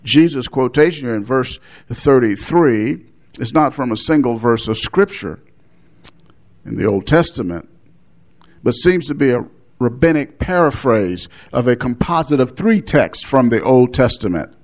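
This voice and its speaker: A man's voice: medium pitch, animated, measured pace, a little mellow. A man preaching an expository sermon, explaining a Bible passage with frequent restarts and short laughs.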